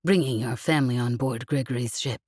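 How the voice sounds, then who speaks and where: A woman's voice: very deep voice, brisk, a little mellow, husky, dry recording, clean studio sound, voice pushed down. A woman narrator voicing a smug male mafia thug who makes falsely friendly threats in an audiobook.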